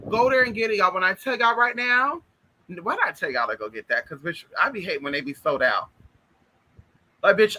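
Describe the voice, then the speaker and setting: A man's voice: high voice, pushed and bright, slight background noise, poor audio. A man chatting casually to camera in a sassy way, swearing a lot and calling everyone girl and honey. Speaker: vlogger.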